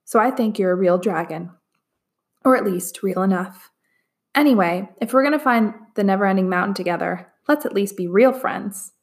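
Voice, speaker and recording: A woman's voice: medium pitch, moderate pace, close to an everyday voice. A woman reading a kind, friendly young girl. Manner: friendly, reassuring.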